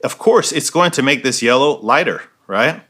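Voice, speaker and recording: Male art teacher, bright forceful voice, talks through a painting lesson, habitual "right?" tag. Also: medium pitch, expressive, normal speed. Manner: explains while painting, checks in with frequent "right?". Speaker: art instructor. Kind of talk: step-by-step painting tutorial.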